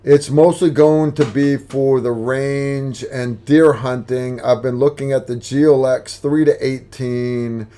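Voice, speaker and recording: A man's voice: medium pitch, takes it slowly, hardly any pauses, a little hiss or hum. A middle-aged American man hosting a casual livestream, joking with a friend and answering viewer questions. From United States. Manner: joking, relaxed banter with a friend. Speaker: livestream host.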